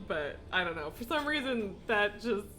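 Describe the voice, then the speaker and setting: A woman's voice: mid-range voice, sing-song, normal speed, a bit bright, faint music behind. A young woman streaming a game live, chatting casually, swearing and laughing often. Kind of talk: casual live gaming commentary.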